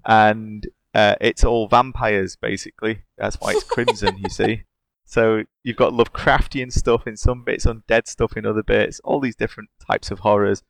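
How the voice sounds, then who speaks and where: A man's voice: on the low side, steady tone, normal speed, vocal fry, dry recording. A man, co-hosting a casual games podcast, talking with enthusiasm and laughing often. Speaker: podcast co-host discussing games. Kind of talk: casual chat.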